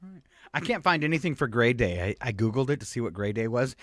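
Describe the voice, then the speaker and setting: A man's voice: medium pitch, fast, no echo, clean studio sound. A man co-hosting a morning radio show, chatting casually and telling stories with frequent laughter. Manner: animated storyteller, laughs often. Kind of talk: casual on-air banter.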